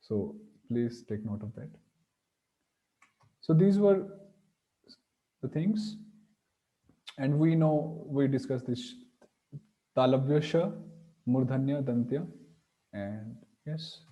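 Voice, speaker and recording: A man's voice: mid-range voice, animated, takes it slowly, pauses often, dark tone, lo-fi sound. A man teaching Sanskrit pronunciation, patiently sounding out each letter aloud. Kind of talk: online class explanation.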